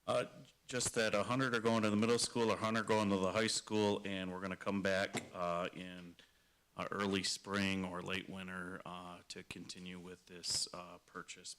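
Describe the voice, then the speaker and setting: A man's voice: deep voice, level tone, moderate pace, fairly bright tone. A school administrator, a man, explaining agenda items at a board meeting, hesitant and full of fillers.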